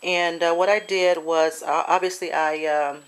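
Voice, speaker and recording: A chatty woman with a lowish voice walks through her handmade craft piece in a casual show-and-tell. She searches for words with lots of fillers and restarts, now and then apologizing. Her tone stays homey and unscripted. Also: steady tone, a little slow, clear, resonant tone. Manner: gets emotional and apologetic. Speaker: crafter showing a swap project.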